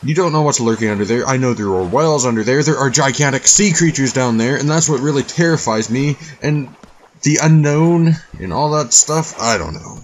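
A gaming YouTuber rambles through let's-play commentary on a survival game, gets frustrated easily and talks to things in the game. His medium-pitched voice moves at a moderate pace over slight background noise.

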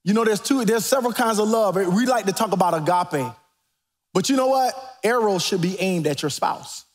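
A man preaching a sermon as pastor in a church, animated and preacherly, rising to near-shouts. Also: high-pitched, normal speed. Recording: reverberant church sanctuary.

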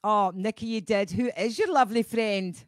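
A woman's voice: mid-range voice, moderate pace, no room sound, clean studio sound. A middle-aged woman with a Scottish accent, a singing teacher hosting a casual live stream, chatty and laughing, going off on tangents.

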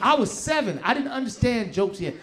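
High-voiced animated male comic. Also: fairly quick. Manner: loud, animated, streetwise banter with the crowd. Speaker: stand-up comedian. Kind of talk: stand-up comedy set. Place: comedy stage. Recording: live show, loud crowd laughter and noise.

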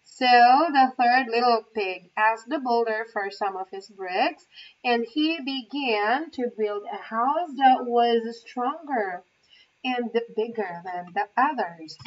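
Slow, careful woman reading a story. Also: a little high. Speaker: English teacher trainee. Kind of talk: reading a children's story aloud. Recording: muffled, from far off the mic.

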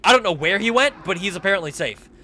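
A young man doing let's play commentary, excitable, reacting loudly and laughing. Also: high-pitched, fast talker. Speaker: gaming YouTuber.

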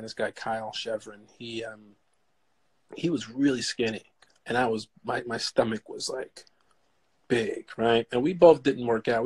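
A man being interviewed as an actor guest, telling stories in a relaxed way with lots of "you know". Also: mid-range voice, slightly rough. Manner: relaxed storytelling, says "you know" a lot. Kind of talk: casual interview chat.

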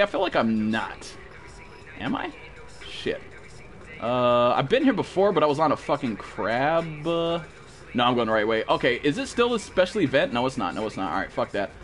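A man streaming a survival game live, cursing and yelling to his chat and teammates for help, then reading out donations. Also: fairly high pitch. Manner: panicky, profane, yelling for help. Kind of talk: live gameplay commentary.

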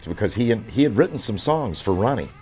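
Deep-voiced man in his seventies. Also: sing-song, a little mellow, faint music behind. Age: 70s. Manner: rambling, halting with fillers and restarts. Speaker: drummer. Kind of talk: interview.

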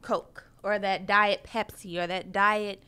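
A woman speaks as a personal trainer guest on a talk show. Her delivery is emphatic and passionate, punctuated by frequent laughs, in a voice of ordinary pitch for a woman. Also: level tone, slow, bright, forceful tone, clean tone. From United States. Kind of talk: casual talk show chat.

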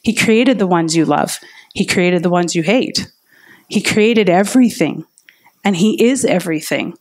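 A woman's voice: on the low side, measured pace. Earnest woman preaching a sermon. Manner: earnest and personal, with lively retold inner dialogue.

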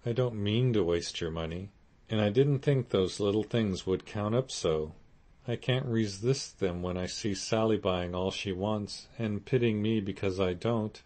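A man reading an audiobook voices a remorseful young wife, pitching his deep voice up and pleading. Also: animated, takes it slowly, darkish tone.

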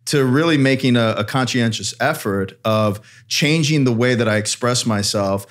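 A man's voice: medium pitch, normal speed. A man who is a priest, co-hosting a casual panel discussion and sharing reflective personal stories with easy laughter. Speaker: priest and co-host.

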